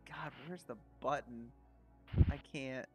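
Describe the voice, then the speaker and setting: A man's voice: medium pitch, slow pace, breathy edge, soft background music. A man running a tabletop game as game master, narrating casually with plenty of swearing. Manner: casual, swearing, laughing often.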